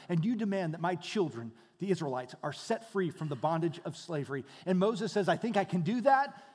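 A man preaching a sermon, shifting between hushed, quiet passages and loud, animated storytelling. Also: a little high. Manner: dynamic preaching, dropping to hushed tones then rising loud. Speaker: pastor. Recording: long hall reverb.

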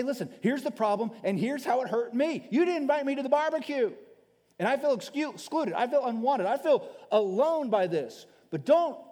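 High-voiced pastor preaching in a reverberant hall. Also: male voice. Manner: animated preaching, acts out quoted speech, repeats words. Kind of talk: sermon. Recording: large hall with long reverb.

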